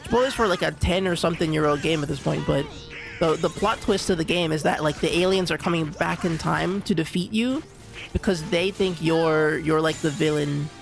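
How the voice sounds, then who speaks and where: A man's voice: on the high side, moderate pace, gravelly. A young man streaming a game, rambling in casual commentary with constant restarts and fillers. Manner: rambling, restarts, lots of "like" and "you know". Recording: game music behind the voice.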